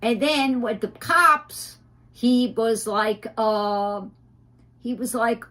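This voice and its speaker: A woman's voice: on the high side, drawn-out words, a bit bright. A woman ranting on a livestream, profane and indignant, with frequent fillers and restarts.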